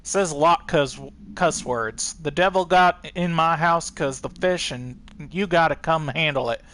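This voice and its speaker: A man voicing an upset rural letter writer in a put-on Texan accent, reading quickly in a folksy, agitated way. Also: fairly high pitch, fairly bright tone. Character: upset rural man complaining about haunted fish.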